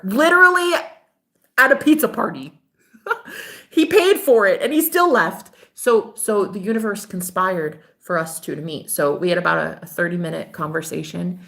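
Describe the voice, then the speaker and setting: A woman telling a personal story in casual chat to her viewers, animated and talkative, swearing and calling her audience "girl". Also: fairly low pitch, creaky. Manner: voices other people in quoted dialogue. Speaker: spiritual advisor.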